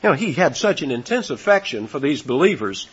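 A preacher works through scripture with a lively voice that climbs high and sinks low. His tone is slightly husky and a little high for a man. The recording sounds dull and lo-fi. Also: fairly quick. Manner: emphatic, swings between loud and soft for stress. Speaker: pastor. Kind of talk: expository sermon.

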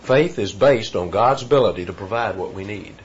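A man's voice: fairly low pitch, fairly quick, slightly rough, muffled recording. A man preaching an expository sermon, teaching verse by verse with emphatic repetitions.

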